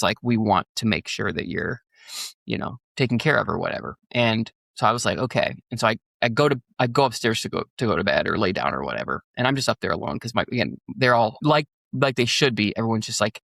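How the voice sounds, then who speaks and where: A man with a gravelly, mid-pitched voice tells a personal story on a podcast. He talks in an earnest, rambling way, full of fillers and restarts. The sound is dry and close. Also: a bit bright, no echo. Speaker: pastor and guest.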